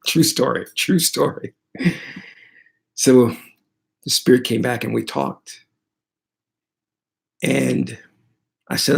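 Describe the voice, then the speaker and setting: Brief: spiritual teacher, gravelly mid-range voice, dramatic storytelling. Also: male voice, medium pitch, drawn-out words, long pauses. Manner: animated, dramatic retelling. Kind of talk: storytelling monologue.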